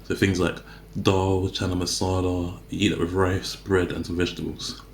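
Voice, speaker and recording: A man's voice: low voice, little pitch movement, normal speed, gravelly, roomy sound, a little hiss or hum. A man vlogging in a casual, rambling way, often correcting himself mid-sentence as he talks to the camera. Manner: rambling, self-correcting, chatty. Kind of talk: casual talk to camera while eating.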